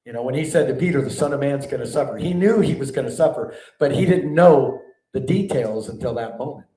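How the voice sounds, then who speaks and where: A man preaching a sermon to a live audience, animated and conversational, often asking the room questions. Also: medium pitch, brisk. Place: large hall before a live audience. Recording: echoey hall, mic at a distance.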